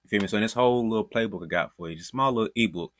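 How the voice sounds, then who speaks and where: A man's voice: fairly low pitch, very fast, background noise. A man hosting a podcast, talking casually and directly to listeners in slangy words. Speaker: podcast host. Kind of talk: podcast talk and self-promotion.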